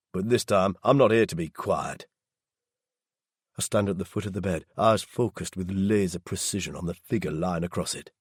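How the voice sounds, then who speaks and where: A man reads a first-person audiobook in a very deep, husky voice with a tense, low intensity. The sound is close and completely dry, with no room around it. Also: no room sound. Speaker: audiobook narrator.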